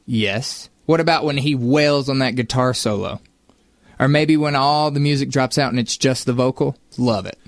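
Male radio co-host, mid pitch, firm opinions, dry booth mic. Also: normal speed, no echo. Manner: joking, opinionated. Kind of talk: morning radio banter.

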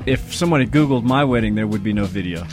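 Slow, reflective married radio co-host. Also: male voice, lowish voice, lively intonation, music in the background. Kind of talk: casual radio banter.

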